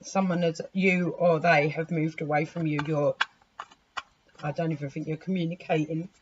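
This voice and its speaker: Hoarse woman reading tarot. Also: deep voice, fairly even intonation, normal speed. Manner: chatty, swears lightly, talks to her cards. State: sore, hoarse throat. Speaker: tarot reader. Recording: muffled recording with clear background noise.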